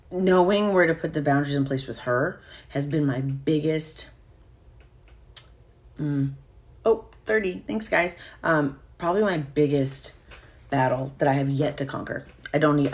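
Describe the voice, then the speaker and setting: A woman's voice: sits low, normal speed, a little mellow. A woman hosting a casual live stream, talking candidly and swearing freely as she reacts to viewer comments.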